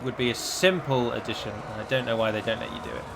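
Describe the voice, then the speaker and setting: A man's voice: medium pitch, fairly even intonation, fast, creaky, background noise. A man commenting on his own strategy game, chatty and wry, asking his units what they are doing. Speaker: gameplay commentator.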